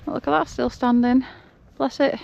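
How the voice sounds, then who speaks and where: A woman's voice: high voice, steady tone, normal speed, creaky, a little mellow, highs cut off. Breathless woman vlogging on a hill walk. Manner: chatty, laughs often. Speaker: travel vlogger. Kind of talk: casual walking vlog narration. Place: outdoors on a hillside walk.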